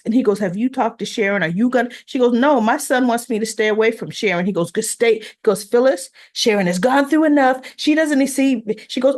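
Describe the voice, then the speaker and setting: A woman's voice: fairly high pitch, moderate pace, hardly any pauses, darkish tone. A woman hosting a casual recap vlog, retelling scenes as quoted back-and-forth dialogue with chatty asides to viewers. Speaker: soap opera recap host.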